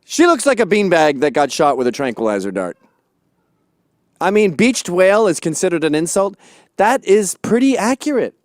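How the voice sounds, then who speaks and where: A man hosting a sarcastic comedy rant, mocking as he goes. His voice rides a little high and swoops around a lot. The recording is close and dry. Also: sing-song, moderate pace, dry recording. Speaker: host.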